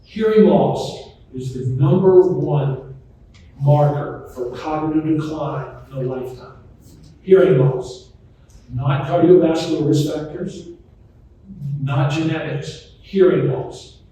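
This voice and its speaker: A middle-aged man, a memory doctor giving a folksy, anecdotal talk to an audience, often pausing on ums. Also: on the high side, warm tone, slight background noise. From Charlotte, North Carolina. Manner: chatty, anecdotal, hesitant with many ums. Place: large echoey hall, voice from some distance. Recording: echoey hall, mic at a distance.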